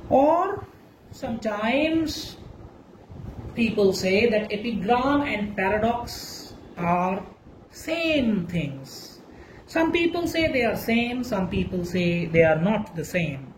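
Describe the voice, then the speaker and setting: A woman teaching a literature lesson, explaining slowly and deliberately, with restarts. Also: medium pitch, animated, slight background noise, low-quality recording. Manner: slow and deliberate, with restarts and emphasis. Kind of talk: literature lecture.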